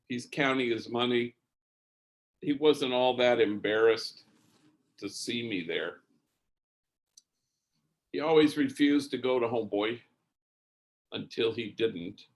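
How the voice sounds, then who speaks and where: A man of middle pitch tells a personal story in a hearing, taking his time. He speaks as a priest would, easy and anecdotal. He often pauses and restarts mid-sentence. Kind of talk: spoken testimony, storytelling.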